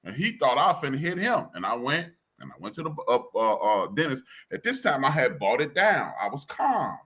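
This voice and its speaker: A man with a Chicago accent, a podcast co-host telling a story in a slangy, blunt, animated way. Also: mid-range voice, a little fast, husky. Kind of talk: casual chat, storytelling.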